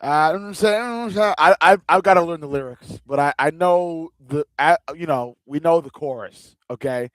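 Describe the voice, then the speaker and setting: A man's voice: fairly high pitch, a little slow, hardly any pauses, a bit bright, dry recording. Chatty man streaming a fight watch-along. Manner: chatty and joking, with loose rambling restarts. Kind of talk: casual live-stream chat.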